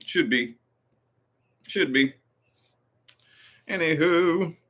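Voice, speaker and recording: A man hosting a casual stream, telling stories in a rambling, profane, animated way. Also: on the low side, normal speed. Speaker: channel host. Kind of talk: casual livestream chat.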